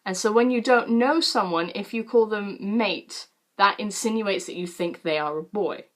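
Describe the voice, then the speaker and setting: A British woman in her late teens telling a story to camera in a casual, animated way, with lots of fillers and casual swearing. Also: mid-range voice, moderate pace. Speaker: vlogger.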